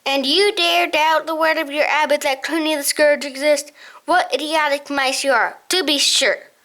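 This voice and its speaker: A woman's voice: high-pitched, steady tone, normal speed, pushed and bright. A woman voicing a frail ancient male mouse who keeps records, muttering and doddering as he talks. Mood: scornful.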